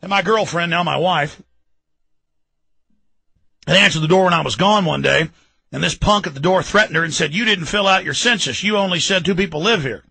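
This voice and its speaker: Ranting Texan male radio host, high gravelly voice, mocking and loud. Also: fairly quick, long pauses, dry recording, poor audio. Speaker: radio talk show host. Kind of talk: fired-up political rant.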